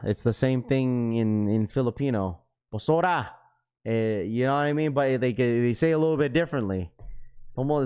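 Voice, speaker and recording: A man's voice: mid-range voice, a little mellow, clear, resonant tone. A young man hosting a live stream, chatting casually with viewers in a loose, rambling way. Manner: casual, addresses chat as bro, rambling. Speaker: livestream host.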